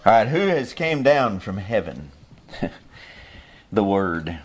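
A man preaching an informal sermon, earnestly searching for words with many restarts, and reading scripture slowly. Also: lowish voice, very animated, husky. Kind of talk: informal sermon, Bible teaching.

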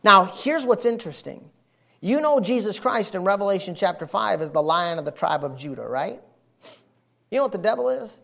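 High-voiced man preaching a folksy sermon. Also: moderate pace, creaky. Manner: animated, folksy storytelling with emphatic repetition.

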